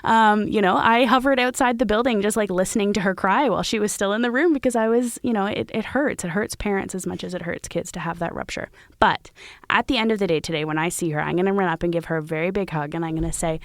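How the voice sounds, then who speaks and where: A woman's voice: mid-range voice, fast, no echo, studio quality. A woman co-hosting a parenting podcast, explaining ideas in a chatty way with many "you know"s. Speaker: podcast co-host. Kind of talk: casual podcast conversation.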